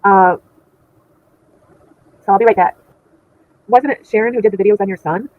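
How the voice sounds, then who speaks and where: A woman's voice: mid-range voice, normal speed, narrow, tinny audio. A middle-aged woman hosting a casual livestream, chatting with viewers in an indignant, laughing way. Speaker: channel host reading chat.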